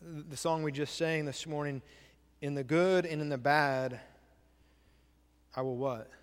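A man's voice: a little high, steady tone, unhurried, clean tone, in a large hall. A male pastor giving a sermon, repeating key phrases and asking the congregation questions. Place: church sanctuary.

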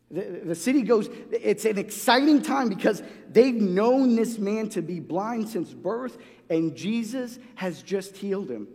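A man's voice: high-pitched, darkish tone. A man preaching a sermon in a loose, conversational way, restarting phrases often and acting out the voices he quotes. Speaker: pastor. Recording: long hall reverb.

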